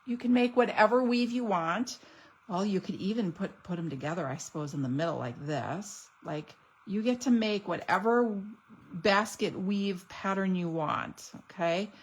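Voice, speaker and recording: A woman's voice: mid-range voice, moderate pace, breathy edge, poor audio. A woman showing off craft products in a casual unboxing video, gushing and chatty. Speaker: stamping demonstrator.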